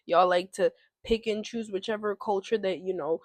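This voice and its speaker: A woman's voice: medium pitch, moderate pace, dry recording. A woman from America, ranting casually and emphatically in an opinion vlog, repeating her points in exasperation. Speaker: commentary vlogger. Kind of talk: casual opinion rant to camera.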